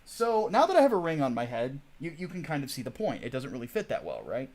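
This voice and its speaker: A man's voice: medium pitch, wildly swooping pitch, fast, darkish tone. A man hosting a casual livestream, ranting in a chatty, digressive way and swearing freely. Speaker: host.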